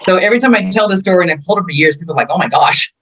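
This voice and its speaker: A woman's voice: fairly low pitch, lively intonation, racing, a bit bright, slightly rough, rough recording. A woman in her fifties from California, a martial arts instructor telling her life story in a casual interview, acting out the quotes as she goes. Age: 50s.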